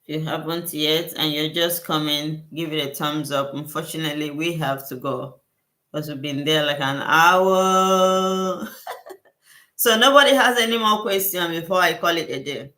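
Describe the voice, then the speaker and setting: Hosting a casual Q&A livestream, a skincare consultant talks at normal speed in a low, pushed and bright voice. She's effusive, repeats herself, and thanks viewers frequently. A roomy echo is present.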